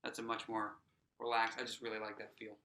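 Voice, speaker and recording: A man's voice: fairly low pitch, completely flat delivery, a little fast, bright, forceful tone, echoey room, slight background noise, poor audio. A man teaching a snare drum workshop in a casual, encouraging way, with lots of fillers and restarts. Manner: counts players in aloud.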